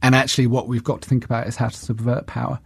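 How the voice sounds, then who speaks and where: A man's voice: mid-range voice, little pitch movement, very fast, gravelly, breathy edge, no echo. A man as an interview guest, speaking articulately and earnestly in a casual conversation.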